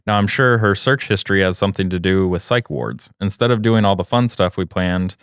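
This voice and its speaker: A man with a low, smooth, resonant voice reads a listener letter on a comedy podcast. The sound is dry and close, with no room around it, and his delivery stays wry. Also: expressive, fairly quick, no room sound. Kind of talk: reading a listener letter aloud, casual banter.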